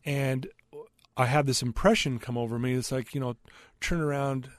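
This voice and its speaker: A man's voice: mid-range voice, steady tone, normal speed, dry recording, studio quality. A man earnestly telling a personal story as a podcast guest, candid and loose, with frequent fillers.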